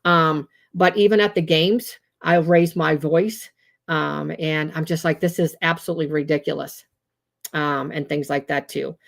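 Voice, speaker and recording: A chatty woman with a slightly low voice hosts a casual livestream as a trauma-informed educator. Her talk is loose and animated, with lots of fillers and restarts, and she keeps acting out little quotes in different voices. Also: unhurried, vocal fry.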